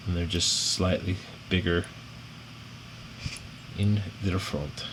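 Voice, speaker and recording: Rambling middle-aged American builder, lowish voice. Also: male voice, slow pace. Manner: rambling, self-deprecating, apologetic, growls when frustrated. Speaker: drone builder reviewing a frame. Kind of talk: casual build tutorial chat. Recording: audible background noise.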